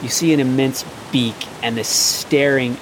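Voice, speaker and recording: Casting: measured male game master, unhurried storytelling, constant hiss in the background. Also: mid-range voice, steady tone. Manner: slow, descriptive storytelling. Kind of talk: narrating a tabletop game.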